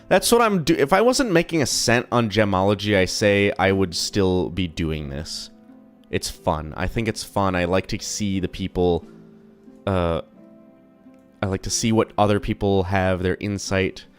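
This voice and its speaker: A man's voice: deep voice, lively intonation, measured pace, soft background music. Rambling, slightly sick young streamer man. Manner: rambling, profane, self-deprecating. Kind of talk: casual live-stream chat.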